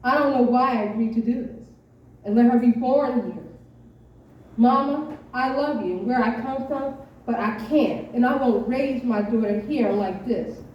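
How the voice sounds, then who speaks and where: A woman's voice: medium pitch, brisk, few pauses, close to an everyday voice. A woman voicing an exasperated young mother pleading with her own mother in a raised voice, read aloud as a story. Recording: echoey dull room from far off.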